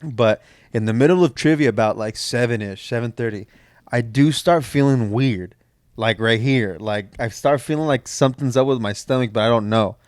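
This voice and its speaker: A man's voice: mid-range voice, no room sound, clean studio sound. Rambling young man telling a story. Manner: rambling, halting, many restarts. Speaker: podcast co-host. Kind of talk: casual comedic storytelling.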